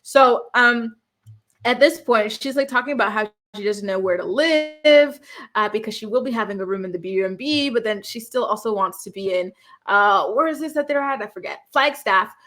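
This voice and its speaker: A woman's voice: a little high, moderate pace, a bit bright. A woman, casually recapping a reality show with sassy, exasperated commentary. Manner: sassy, exasperated, lots of fillers and laughs.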